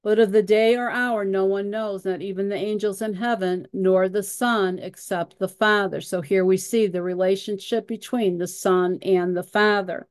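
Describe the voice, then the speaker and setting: A woman's voice: mid-range voice, fairly even intonation, normal speed, hardly any pauses, no echo. A woman leading a Bible study who reads scripture passages aloud and explains them with frequent fillers and repeated words.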